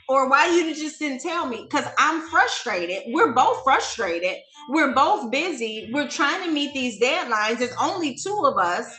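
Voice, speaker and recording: A woman hosts a talk show and tells a story with animated emphasis. Her voice is high and bright. The room is echoey, and faint music plays underneath. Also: a little slow, hardly any pauses. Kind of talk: storytelling to an audience.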